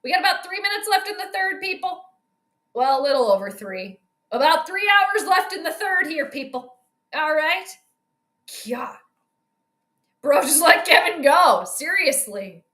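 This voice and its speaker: A woman's voice: extremely high pitch, big pitch swings, normal speed, bright, forceful tone, echoey room. A woman hosting a sports live stream, chatting casually and joking with a co-viewer as she comments on the game.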